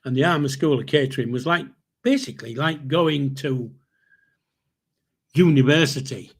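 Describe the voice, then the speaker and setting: A man's voice: mid-range voice, lively intonation, moderate pace, slightly rough. An older man hosting a podcast, telling stories in a casual, rambling way with restarts and chuckles. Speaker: podcast host. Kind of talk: casual storytelling.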